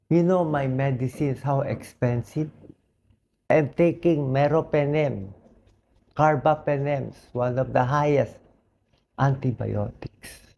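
A middle-aged Filipino man, a doctor, speaking hoarsely in a slow and earnest personal appeal that mixes English with Filipino. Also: fairly high pitch, mellow. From Philippines.

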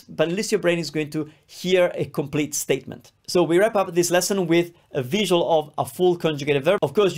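A man teaching a beginner language lesson, explaining patiently and drilling words aloud with clear stress. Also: on the high side, darkish tone. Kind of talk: recorded online lesson.

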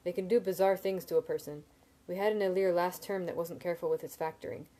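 A woman's voice: fairly low pitch, steady tone, fast talker, dark tone, close to an everyday voice. A woman reading a novel aloud, voicing an anxious, earnest young man student who gets agitated and defensive. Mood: alarmed.

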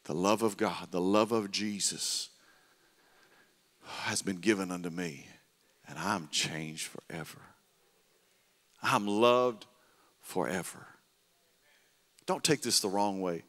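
A male pastor, preaching a sermon and telling stories, swinging between loud bursts and hushed, tender lines. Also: low-pitched, slow, long pauses. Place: church sanctuary. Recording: reverberant church hall.

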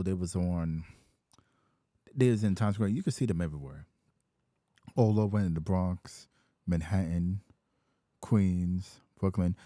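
A man's voice: low-pitched, dark tone, no room sound, studio quality. A man vlogging, complaining in a rambling, repetitive way. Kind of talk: casual rant.

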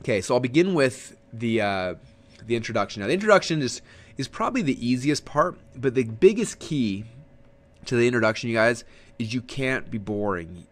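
A man teaching a recorded webinar with an energetic, animated delivery, leaning forward and gesturing as he explains. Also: medium pitch, moderate pace. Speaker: marketing trainer.

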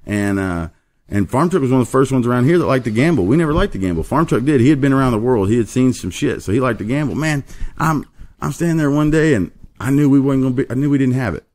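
A middle-aged man talks at an ordinary mid pitch as he hosts a casual podcast chat. He rambles through long stories, swears freely and acts out the voices of the people in them. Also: expressive, fast, a little mellow. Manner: rambling storyteller, profane, acts out the people he quotes. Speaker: podcast host.

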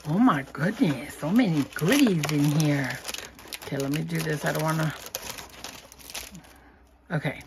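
A woman's voice: sits low, a little slow, pauses often, background noise. Gushing, giggly woman unboxing crafts. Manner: gushing, giggly, breaks into soft whispers. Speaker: craft vlogger opening happy mail. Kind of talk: casual unboxing chat.

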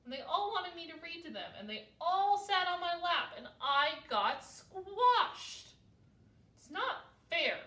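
A woman's voice: sits high, very animated, unhurried, pushed and bright, heavily acted. A woman voicing a small, fussy boy owl in a picture book, indignant and pleading. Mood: upset. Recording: roomy, from a distance.

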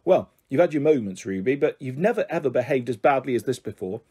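A man's voice: mid-range voice, animated, fast talker, mellow, breathy edge. A man doing an exasperated scolding father. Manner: scolding, disappointed. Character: stern, exasperated father scolding his twin daughters.

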